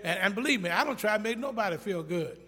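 A man with a high, bright voice delivers a blunt, folksy sermon to his congregation. He preaches with rising emphasis, at times near shouting. The sound carries the long echo of a church hall. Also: lively intonation, fast.

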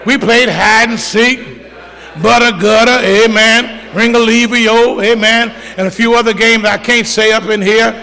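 A man's voice: very high-pitched, little pitch movement, unhurried, sharp tone, big-room sound. An older man, a pastor, preaching a sermon in church, telling stories from his own life and punctuating them with amens. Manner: storytelling with call-outs of amen, folksy. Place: church sanctuary.

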